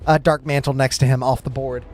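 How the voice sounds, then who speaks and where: A man narrating as game master of a tabletop role-playing game, relaxed, with frequent hesitations. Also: medium pitch, fairly quick.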